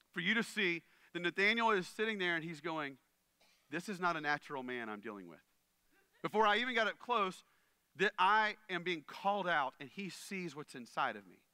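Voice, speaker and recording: Speaking smoothly in a high, ringing, very bright voice, a pastor delivers an earnest, conversational sermon. He frequently checks that the crowd is with him, and the audio is close and clean, free of any room echo.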